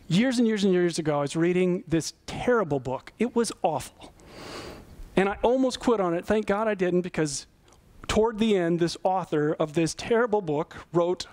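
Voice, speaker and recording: High-voiced male pastor preaching. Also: a little mellow, no echo. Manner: earnest, conversational preaching with rhetorical questions. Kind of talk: sermon.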